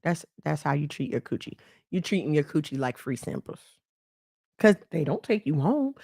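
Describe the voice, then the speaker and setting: A woman's voice: low voice, sing-song, normal speed, creaky, a little mellow, husky, no echo, studio quality. A middle-aged woman hosting her channel, talking bluntly and animatedly as she lectures women, scolding and now and then laughing. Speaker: channel host. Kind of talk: preachy commentary to women.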